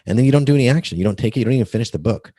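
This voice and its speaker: A man's voice: mid-range voice, racing, dark tone, dry recording, studio quality. A man as a podcast guest, explaining earnestly how books should lead readers to one step. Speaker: guest, book coach. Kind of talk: podcast interview.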